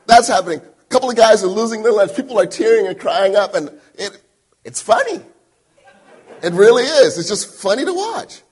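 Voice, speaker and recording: Guy preaching, highish husky voice, goes loud then drops way soft, storytelling. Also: big pitch swings, moderate pace. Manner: storytelling, swings between loud emphatic bursts and quiet asides. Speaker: pastor. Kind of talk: sermon.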